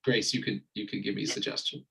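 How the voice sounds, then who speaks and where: A man leading an online marriage communication class, retelling a story in a relaxed way with many fillers. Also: on the low side, normal speed, vocal fry, low-quality recording. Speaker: marriage workshop leader.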